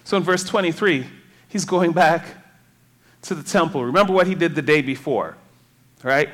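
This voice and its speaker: A man's voice: on the high side, moderate pace, a bit bright. A man preaching a sermon in a conversational way, reading scripture and asking the congregation rhetorical questions.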